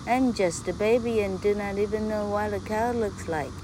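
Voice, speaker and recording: A woman voicing a sly baby boy god who plays innocent, speaking softly and sweetly. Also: medium pitch, moderate pace, background noise, lightly acted. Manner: soft, sweet.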